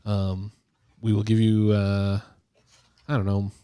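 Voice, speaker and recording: A man co-hosting a casual panel chat, easygoing and quick to laugh. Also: lowish voice, completely flat delivery, warm tone, clear, resonant tone, no room sound, clean studio sound. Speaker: co-host.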